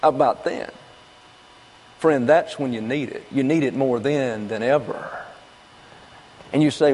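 A man's voice: medium pitch, a little slow, pauses often, darkish tone, a little hiss or hum. A man preaching a sermon in a folksy, conversational way, asking and answering his own questions. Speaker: pastor. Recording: long reverb of a church hall.

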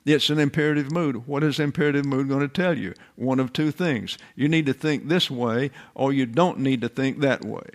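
Older male Bible teacher, sermon delivery, emphatic and repetitive, average pitch. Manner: deliberate, emphatic, repeats phrases.

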